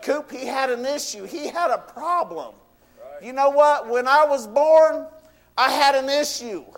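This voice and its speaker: High-voiced fervent man preaching. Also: lively intonation, a little slow. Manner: fervent, repeats "you know what" and "I tell you". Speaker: pastor. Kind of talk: sermon. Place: church. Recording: long reverb of a church hall.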